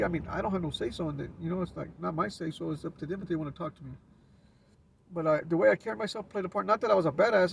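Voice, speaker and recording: Casting: LA man, gravelly and raspy, laid-back storyteller heard from off-mic. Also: high voice, far from the mic, a little hiss or hum. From Los Angeles. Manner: laid-back street slang with frequent restarts. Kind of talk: casual storytelling.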